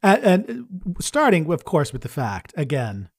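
A man's voice: on the high side, huge pitch swings, moderate pace, creaky, breathy edge, no room sound, studio quality. A man co-hosting a casual podcast, joking and rambling with frequent restarts. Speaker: podcast co-host.

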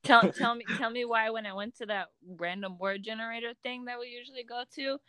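A woman's voice: on the high side, brisk, sharp tone, smooth, no room sound. A young woman co-hosting a podcast in casual chat, giggling often. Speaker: podcast co-host.

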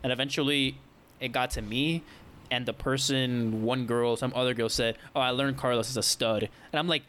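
A man's voice: medium pitch, fairly even intonation, moderate pace, a bit bright. A young man on a podcast telling a story in a casual, rambling way, with many restarts and acted-out quotes. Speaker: podcast co-host.

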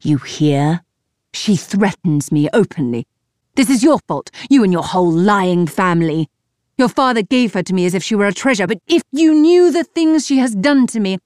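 A woman's voice: mid-range voice, expressive, moderate pace, a little mellow, no echo, studio quality, lightly acted. A woman narrator voicing an aging, bitter king who speaks harshly and gives commands. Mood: raging. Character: aging, angry, bitter king, older man.

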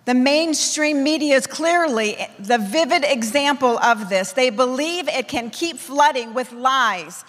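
A woman preacher delivers a forceful, declamatory sermon. Her voice sits somewhat high, and a long reverb trails after her words as if in a large hall. She drives her points home in emphatic, repeated lists. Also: lively intonation, a little slow, hardly any pauses. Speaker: apostle preaching to her church.

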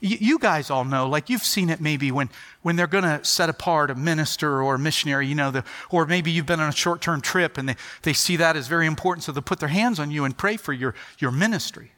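A man's voice: on the high side, fast, hardly any pauses, pushed and bright. A middle-aged man preaching a sermon, telling stories animatedly and acting out the dialogue. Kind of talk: sermon storytelling. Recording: long hall reverb.

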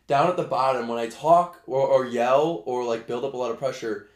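A young man hosting a podcast in casual chat, excitable, swearing often and laughing through his stories. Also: mid-range voice, normal speed. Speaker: podcast host. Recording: echoey room.

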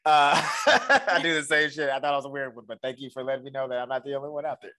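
A man co-hosting a casual TV recap chat, loose and profane, telling the story in an animated way. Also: mid-range voice, quick pace. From United States. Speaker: podcast co-host.

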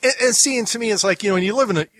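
An American podcast host chats casually and rambles, restarting sentences and wandering into asides. His high, fairly bright voice races along, and the recording is dry.

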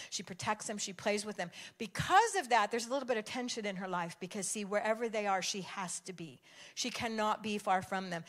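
A woman's voice: mid-range voice, a bit bright. An older woman giving a conversational sermon, telling a family story with emphatic repetition. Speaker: speaker sharing a devotional message.

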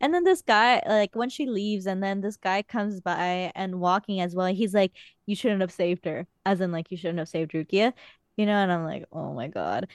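A woman's voice: mid-range voice, normal speed, smooth, dry recording, studio quality. A young woman on a podcast, casually telling stories in a chatty way with some swearing. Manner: chatty storytelling, frequent swearing. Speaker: podcast host. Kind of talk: casual chat.

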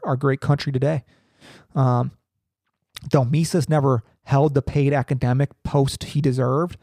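A young man reading a text aloud in a halting way, full of ums and restarts, with casual asides. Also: medium pitch, gravelly, warm tone, dry recording, clean studio sound. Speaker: podcaster reading and commenting.

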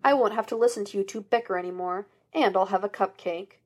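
A woman's voice: mid-range voice, fast talker, lightly acted. A woman doing a prim dry-witted sidekick.

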